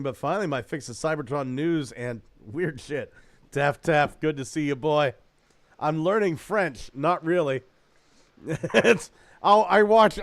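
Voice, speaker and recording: A man's voice: a little high, no room sound. A man hosting a podcast, talking loosely and joking, swearing freely. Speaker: podcast host. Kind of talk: casual chat.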